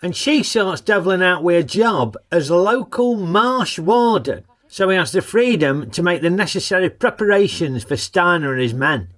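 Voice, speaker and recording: A man's voice: high-pitched, animated, moderate pace, few pauses, a bit bright. A man narrating a comic film review in a cheeky, sarcastic, colloquial way.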